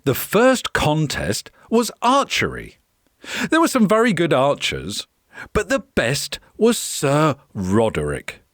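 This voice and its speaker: A woman reading a children's picture book aloud in an expressive storytelling manner. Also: deep voice, slow pace, no echo, clean studio sound.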